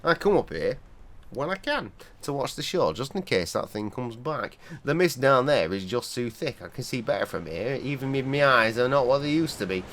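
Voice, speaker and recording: A man voicing a weathered, superstitious old fisherman, reading game dialogue aloud in a gruff, folksy manner. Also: medium pitch, animated, moderate pace, a bit bright, a little hiss or hum, natural voice. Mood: grim.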